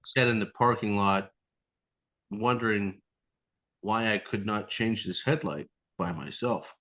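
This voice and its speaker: A man's voice: lowish voice, unhurried, a bit bright. A man who is a podcast guest, telling a rambling story in casual chat, swearing freely and acting out the other people in it. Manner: rambling, swears a lot, acts out voices.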